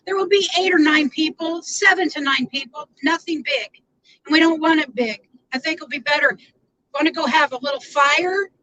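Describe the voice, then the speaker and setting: A woman's voice: sits high, sharp tone, a little hiss or hum, poor audio. A woman rambling in casual live-stream chat from inside her car, greeting viewers by name.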